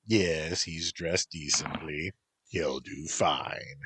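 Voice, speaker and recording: A man voices a male tengu bodyguard for a storybook, giving him a gruff, teasing manner that is dry, mocking and unhurried. His pitch is extremely low, his tone bright and forceful, the performance heavily acted, and the recording dry.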